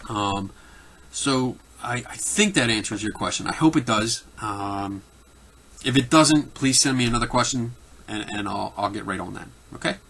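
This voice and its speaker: A man with a Philadelphia accent speaks with a bright, forceful tone. He answers viewer questions casually and off the cuff. He rambles and fills pauses with restarts and lots of ums. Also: medium pitch. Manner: rambling, many fillers and restarts.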